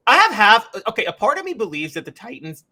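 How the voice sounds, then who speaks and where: A man from Memphis co-hosting a casual sports talk show, joking and animated with rambling asides. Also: high voice, fast. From Memphis, USA.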